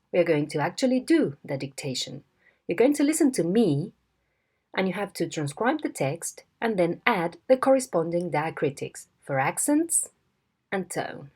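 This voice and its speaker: Slow, husky-voiced phonetics teacher. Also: female voice, fairly low pitch, warm tone. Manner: slow, deliberate, demonstrating intonation. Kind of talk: video lesson instruction.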